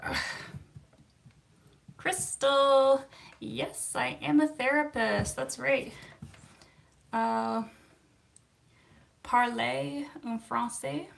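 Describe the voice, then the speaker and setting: A therapist, chatting casually on a livestream and answering viewer comments with frequent laughs. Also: female voice, high-pitched, fairly even intonation, drawn-out words, vocal fry, pauses often. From Canada. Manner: chatty and upbeat, laughs often, self-teasing.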